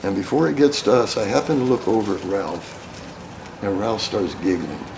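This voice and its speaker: An older war veteran tells war stories in a theater school hall, folksy and profane and often breaking into laughter. His fairly low voice has vocal fry and a moderate pace, with background noise and faint ambience in the roomy hall.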